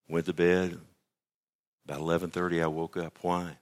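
Male preacher, low voice, dramatic loud-to-whisper swings, church sermon. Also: level tone, normal speed. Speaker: pastor. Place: church service.

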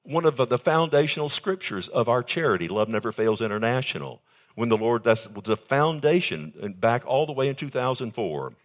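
An older man preaching a sermon as pastor, calling out to his congregation and stretching key phrases slowly for emphasis. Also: expressive. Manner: emphatic preaching with sudden high pitch jumps and slowed key phrases; calls out to congregation with "amen" and "loved one".

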